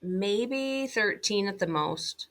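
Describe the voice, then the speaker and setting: A middle-aged woman recounting a hunting trip as an interview guest, animated and full of "like"s and fillers. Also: mid-range voice, slow pace. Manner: animated, many fillers and "like"s, laughing now and then. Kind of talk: casual storytelling.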